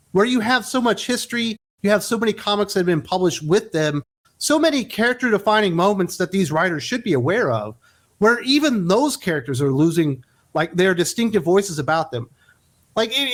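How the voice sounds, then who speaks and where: A man with a fairly high voice that swings widely in pitch, hosting a casual chat. He talks emphatically and animatedly, building his points with examples. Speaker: podcast host.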